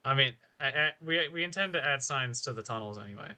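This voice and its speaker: A man speaks in a bright, forceful tone. He is in character in a group roleplay election, insisting on his platform. His delivery is defensive. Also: mid-range voice, lively intonation, quick pace.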